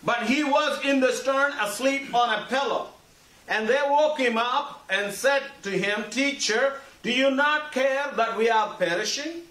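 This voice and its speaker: A very high-pitched, sharp-toned pastor preaches a little slowly to his congregation in a church sanctuary, leaning on repetitive, emphatic phrases and frequently calling for their agreement. His sermon was captured from a distance in an echoey hall, with faint hiss in the background.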